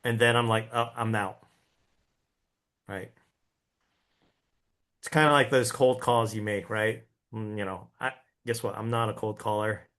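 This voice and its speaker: A man's voice: on the low side, normal speed. A man teaching a class on generating leads, talking casually and acting out his own thoughts and quotes, often asking the audience "right?". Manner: animated, acts out his own inner voice and quotes; folksy, addresses the audience with tag questions. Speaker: real estate sales coach. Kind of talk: lively class talk.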